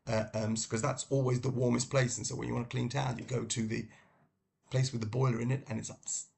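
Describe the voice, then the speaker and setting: A middle-aged British man from London chats casually about books. His voice is deeply gravelly, and he often stops on ums and restarts. A faint hiss sits behind him. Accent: British English. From London, England. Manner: halting, many ums and uhs and restarts. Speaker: book vlogger. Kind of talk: casual book review talk.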